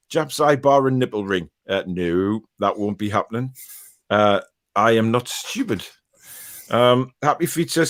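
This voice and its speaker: A man hosting a football podcast, reading viewer comments aloud and teasing his co-hosts in casual banter. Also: mid-range voice.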